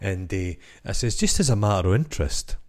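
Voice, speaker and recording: Man, Scottish accent, low-pitched, deadpan, wry, casual podcast chat. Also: brisk. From Scotland. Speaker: podcast co-host.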